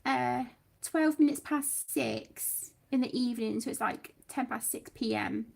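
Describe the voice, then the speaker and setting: Her voice high-ish, creaky and darkish in tone, the UK livestream host crafts at home at a measured pace. She's a touch flustered, keeps talking to herself as she works, and lovingly calls viewers sweetheart.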